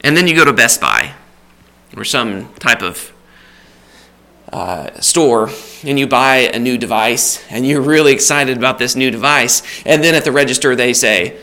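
A man's voice: medium pitch, moderate pace. A man from the United States preaching a sermon in a conversational way, building emphasis through repetition. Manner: lively, rising for emphasis, repeats phrases; conversational with restarts and light laughs.

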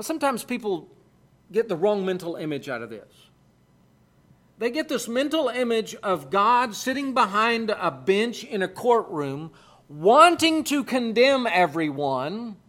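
High-voiced earnest male preacher. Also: fairly bright tone. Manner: earnest and emphatic, repeating key phrases. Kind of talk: sermon.

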